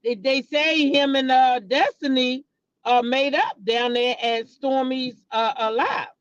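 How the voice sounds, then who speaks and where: A woman host dishing gossip in an unhurried, deliberate way, hammering her points home with repetition and profanity as she addresses her viewers directly. The sound is dry and a bit dull, like a lo-fi recording. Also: sits high, no room sound. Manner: emphatic, repetitive, profane, talks straight to viewers. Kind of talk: casual gossip commentary.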